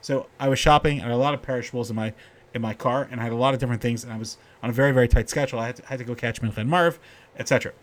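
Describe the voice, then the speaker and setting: Animated storytelling man giving a Torah talk. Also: mid-range voice, racing. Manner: storytelling, animated when quoting characters. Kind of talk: informal Torah talk with stories.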